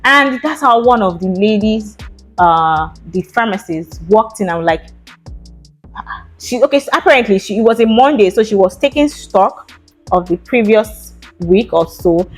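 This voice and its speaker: A woman's voice: mid-range voice, lively intonation, moderate pace, soft background music. Chatty Nigerian woman telling a story. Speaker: vlogger. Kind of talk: storytime vlog.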